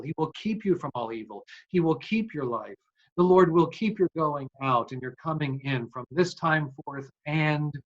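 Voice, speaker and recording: Male pastor, American, emphatic sermon delivery, slightly high voice. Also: dull audio. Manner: earnest, emphatic preaching with rhetorical questions.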